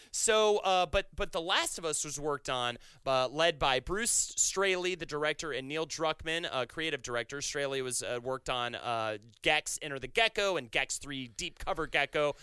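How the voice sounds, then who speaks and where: A man's voice: on the high side, expressive, moderate pace, pushed and bright, clear, resonant tone, no echo. A man co-hosting a casual chat podcast, enthusiastic and rambling, often restarting his sentences. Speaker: podcast co-host.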